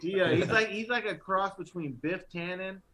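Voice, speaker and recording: A man's voice: high voice, normal speed, crowd noise, poor audio. A man guest on a casual podcast, joking brashly and swearing as he talks about work. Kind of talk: casual crude chat.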